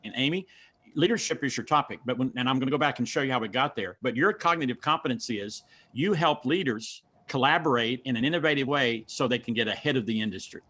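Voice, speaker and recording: A man with a Southern accent from the North Carolina mountains, talking in a folksy, instructive way. He walks listeners through ideas step by step and tells plain personal stories. His voice sits at a middle pitch for a man. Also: fast talker, pushed and bright. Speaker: speaker coach answering questions. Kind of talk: teaching Q&A and personal storytelling.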